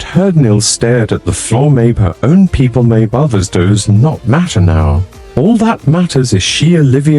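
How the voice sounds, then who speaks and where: A man tells a story in short, clipped fragments. His voice is breathy and warm, and his pitch swings widely from phrase to phrase. Soft music plays faintly under the narration.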